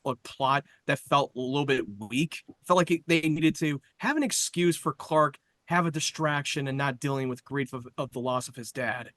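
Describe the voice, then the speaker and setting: A man's voice: medium pitch, moderate pace, hardly any pauses, fairly bright tone, no room sound. A man co-hosting a casual chat, blunt and critical, swearing casually. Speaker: podcast co-host.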